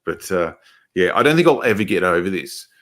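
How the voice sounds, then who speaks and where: A man's voice: low voice, sing-song, brisk, fairly bright tone. A man with an Australian accent hosting a casual livestream, reading out viewer comments and rambling with plenty of swearing and restarts. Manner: rambling, swears freely, many restarts and fillers. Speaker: livestream host.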